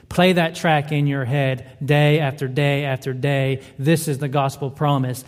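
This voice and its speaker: A man's voice: on the high side, flat delivery, a little slow, hardly any pauses. A male pastor delivering a sermon, building emphasis with repeated rhetorical questions. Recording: reverberant hall.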